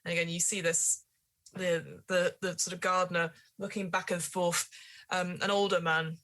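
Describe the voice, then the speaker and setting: A woman's voice: fairly low pitch, level tone, moderate pace, fairly bright tone. A woman running a tabletop horror game as game master, describing scenes with frequent fillers.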